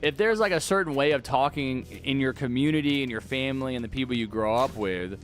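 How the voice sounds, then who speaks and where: A man's voice: medium pitch, a little fast, faint music behind. A young man streaming a game at home, talking casually into a desk mic and arguing back at his chat with rambling restarts. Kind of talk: live-stream chat while gaming.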